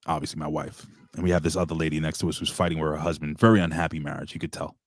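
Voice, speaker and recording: A male host talks in a deep, low voice, spinning wild stories with plenty of cursing. He also slips into booming announcer-style introductions, and the sound is dry and close. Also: rapid-fire, no room sound. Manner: excitable, profane storytelling with hype announcer intros. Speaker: podcast host. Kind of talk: casual chat.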